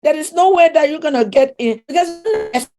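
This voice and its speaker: A woman's voice: high voice, expressive, normal speed, dark tone. A middle-aged woman with a non-native English accent, a relationship coach talking in an interview, earnest and emphatic, repeating herself and searching for words. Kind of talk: interview conversation.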